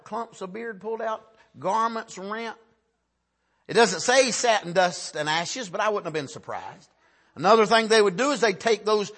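Man, preacher, sermon, husky voice, high pitched, hushed to shouting, frequent amens. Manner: impassioned, swings from hushed to shouting, frequent "Amen".

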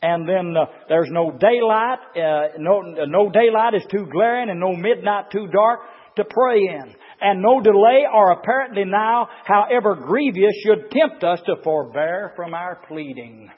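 A man preaching a fiery sermon, swinging from low murmurs to shouted climaxes and reading passages aloud to comment on them. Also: measured pace. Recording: reverberant hall, muffled lo-fi sound.

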